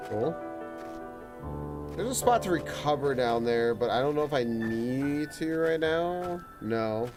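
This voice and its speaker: A man's voice: mid-range voice, expressive, slow pace. A young man streaming a video game, musing casually to himself and his chat, with lots of filler words. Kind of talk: live gameplay commentary. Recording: game music underneath.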